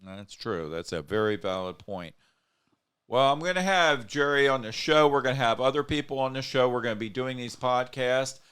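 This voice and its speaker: A man's voice: medium pitch, moderate pace, a bit bright, clear, resonant tone. A man hosting a casual talk show, speaking earnestly and at length straight to his viewers. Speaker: show host.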